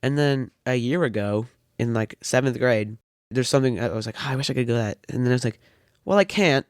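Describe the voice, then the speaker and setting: A man's voice: medium pitch, steady tone, quick pace, darkish tone, clean tone, dry recording. A thirteen-year-old boy chatting casually as a podcast guest, rambling with a dry wit. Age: teens. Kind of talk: casual chat.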